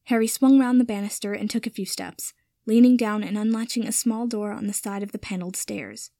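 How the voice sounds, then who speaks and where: A woman narrating a story in a steady, even reading voice. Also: medium pitch, a little fast, creaky, no echo. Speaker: reader. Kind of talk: audiobook-style story narration.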